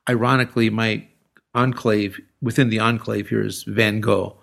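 An older man, a retired teacher, telling rambling anecdotes with halting restarts as an interview guest. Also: on the low side, little pitch movement, creaky, fairly bright tone. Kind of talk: casual interview storytelling.

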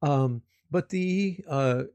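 A man's voice: a little high, extremely slow, darkish tone, clear, resonant tone, no echo. A man chatting casually, telling a rambling anecdote with restarts and chuckles. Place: living in Japan.

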